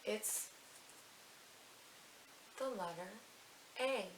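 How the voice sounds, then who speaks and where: A woman leading a family story time at a library, chanting rhymes in a sing-song way, slowly for the snail and fast for the mouse. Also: mid-range voice. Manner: sing-song, reads rhymes slowly and quickly to match the words. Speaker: children's librarian. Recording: echoey room with faint hiss.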